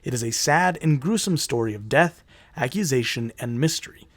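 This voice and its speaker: A man's voice: mid-range voice, animated, moderate pace, no echo. A man co-hosting a casual, profane, jokey podcast, reading legends from his notes between banter. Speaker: podcast co-host.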